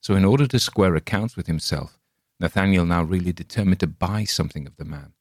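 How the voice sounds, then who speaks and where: A man reading a classic tale aloud as scripted narration, measured and expressive. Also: low voice, dry recording, studio quality. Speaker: audiobook reader.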